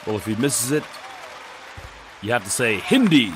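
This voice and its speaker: A man doing live play-by-play commentary on a basketball game, calling the action briskly and reading out viewer chat messages between plays. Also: lowish voice, a crowd in the background, noisy background.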